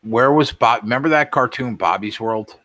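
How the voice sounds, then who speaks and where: A man co-hosting a casual sports betting podcast, blunt and quick to swear. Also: medium pitch, a bit bright, dry recording. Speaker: podcast co-host.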